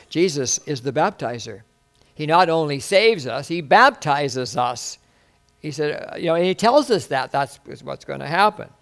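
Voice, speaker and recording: A man's voice: on the high side, vocal fry, a bit bright. A man preaching a sermon as a pastor, full of exclamations and rhetorical questions.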